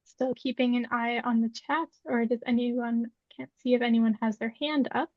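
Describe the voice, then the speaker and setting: A woman's voice: a little high, steady tone, normal speed, a little mellow, dry recording. A woman moderating a video call webinar, hesitantly passing on questions from the chat. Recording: dull, dry video call audio.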